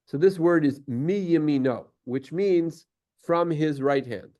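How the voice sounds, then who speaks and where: A man's voice: on the high side, a little slow, dark tone, highs cut off. A man teaching a class, explaining at length with many fillers and restarts and taking questions.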